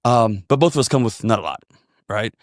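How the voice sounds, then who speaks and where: A man with a drawl telling a personal story on a podcast in an earnest, animated way. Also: mid-range voice, fairly quick, dry recording, clean studio sound. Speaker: podcast guest. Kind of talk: storytelling conversation.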